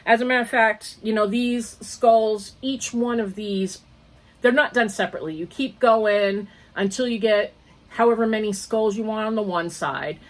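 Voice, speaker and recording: A woman's voice: mid-range voice, normal speed. An older woman hosting a crochet podcast, chatting casually in a rambling, digressive way and often laughing at herself. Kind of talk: casual chat.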